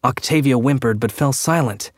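A man narrating an audiobook-style story in an even, steady manner at a medium pitch. His voice is recorded close and dry, with no room sound. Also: moderate pace, no echo. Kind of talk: scripted narration.

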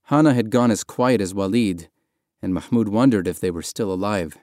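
A man reading audiobook narration in a quiet, measured, somber way. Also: on the low side, no room sound, clean studio sound. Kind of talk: scripted narration.

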